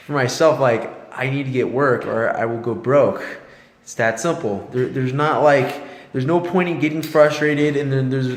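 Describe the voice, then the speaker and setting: Guy rambling about a book, talks it through as he goes, voice bouncing around a roomy space. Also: medium pitch. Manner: rambling, thinks aloud, loosely structured. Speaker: vlogger reviewing a book. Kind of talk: casual book talk to camera. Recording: echoey room with long reverb.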